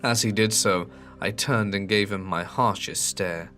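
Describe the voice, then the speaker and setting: A man with a fairly low voice narrates a horror story in a measured, earnest way. Soft background music plays faintly under his reading. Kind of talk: scripted narration.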